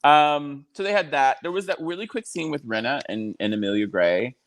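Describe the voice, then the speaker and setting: A man hosting a podcast, chatting casually and cracking jokes about reality TV. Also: fairly high pitch. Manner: chatty, jokey, quick asides. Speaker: podcast host. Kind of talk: casual chat.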